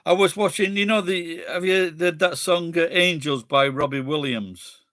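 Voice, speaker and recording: Middle-aged Sheffield man, blunt and foul-mouthed in loose chat, fairly high voice. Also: normal speed, a bit bright, dry recording, clean studio sound. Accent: Sheffield English. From Sheffield, England. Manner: sweary, rambling, blunt. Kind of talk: casual chat with friends.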